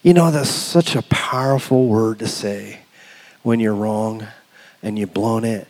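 A middle-aged man preaching a sermon as pastor, telling a personal story with emotion, swinging from loud to hushed. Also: fairly low pitch, a little slow. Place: church sanctuary. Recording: long hall reverb.

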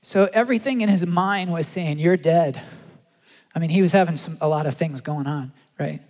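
A man preaching a sermon and telling a story, acting out the quotes with animated delivery. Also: a little high, moderate pace. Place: large church hall. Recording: long hall reverb.

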